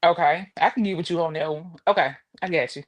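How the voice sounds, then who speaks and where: Podcast guest, woman around forty, lower voice, quick laughs, frank reactions. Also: dry recording. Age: 40s. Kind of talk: casual chat.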